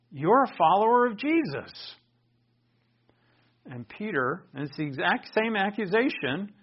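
Earnest man preaching with loud bursts. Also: on the high side, slightly rough, dull audio. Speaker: pastor. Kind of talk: sermon.

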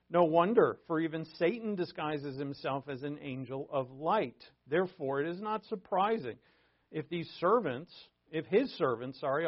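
A pastor gives a verse-by-verse sermon, reading scripture aloud and then unpacking it conversationally with asides. His voice is slightly high with some vocal fry, and the recording sounds dull and lo-fi.

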